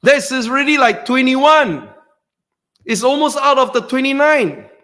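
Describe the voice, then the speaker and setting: A man with a very high, bright voice hosts a trading webinar like a motivational speaker. He whoops and shouts to hype up his points, then drops into a low, earnest tone for the serious parts. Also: measured pace. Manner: excitable, shouts and whoops for emphasis. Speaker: stock trading webinar host.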